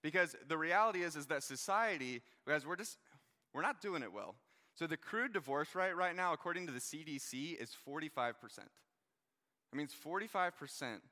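A young man gives a relaxed sermon to a live crowd. He tells stories and jokes, leaning on "like" and "you guys". His voice is bright and edgy, and a long reverb trails it through a large hall. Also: on the high side. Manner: chatty, joking, lots of "like" and "you guys".

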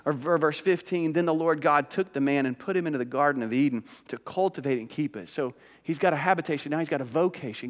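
A man's voice: high voice, a bit bright, long reverb tail. A man preaching a sermon as pastor, conversational and emphatic, with rising bursts of emphasis.

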